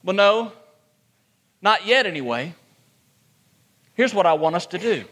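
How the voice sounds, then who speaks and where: A man's voice: high-pitched, expressive, a little slow, fairly bright tone, in a large hall. A man preaching a sermon as pastor, asking rhetorical questions and repeating points for emphasis.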